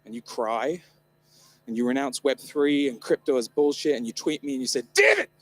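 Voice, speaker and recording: A man's voice: mid-range voice, fairly even intonation, normal speed, darkish tone. A man from the north of England giving a comedic keynote talk on stage at a live event, irreverent, joking and swearing freely. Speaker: conference presenter.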